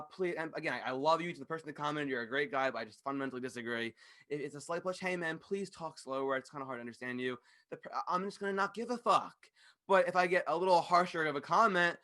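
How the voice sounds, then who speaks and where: A man hosting a podcast, ranting fast, loud and passionate into a studio microphone, swearing freely. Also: on the high side. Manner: fast-talking. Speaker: podcast host. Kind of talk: ranting monologue.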